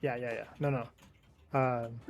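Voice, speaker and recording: A man playing a tabletop game, talking in an easygoing, hesitant way that trails off quietly. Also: medium pitch, level tone, takes it slowly. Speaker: player. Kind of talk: casual tabletop play.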